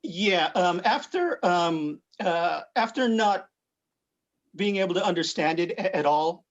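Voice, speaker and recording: A man's voice: sits high, animated, measured pace. A man who works in comics, chatting casually on a livestream with lots of fillers and restarts. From Philippines. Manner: rambling, many fillers and restarts. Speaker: guest comic book artist. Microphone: video call. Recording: muffled lo-fi stream audio.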